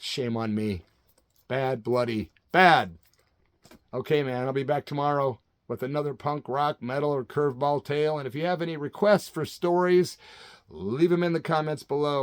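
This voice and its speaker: A man's voice: medium pitch, moderate pace, clean tone, no echo. A man in his late fifties, a channel host from Central Illinois, telling a story casually and animatedly, ending his sentences with "man". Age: 50s. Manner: animated, says "man" constantly.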